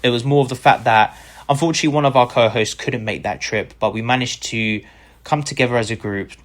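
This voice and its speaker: A man from the UK is a guest on a chat show, telling the story of his career. His voice sits at an ordinary middle pitch, and he speaks with open enthusiasm and gratitude. When he quotes other people, he gives their lines a lively, animated voice. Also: fairly quick. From United Kingdom. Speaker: guest content creator. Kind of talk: casual interview storytelling.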